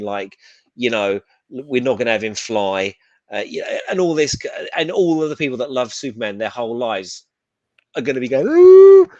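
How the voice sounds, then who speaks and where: A man co-hosting a casual pop culture talk show, animated and swearing freely. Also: on the low side, dry recording. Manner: animated, swears freely, acts out silly voices. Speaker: podcast co-host. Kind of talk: casual chat.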